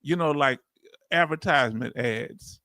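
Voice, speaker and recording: A Southern man in his fifties hosts a chatty livestream, reading the chat aloud with bursts of laughing excitement. His medium-pitched voice moves at a measured pace, with dry, close sound and no echo.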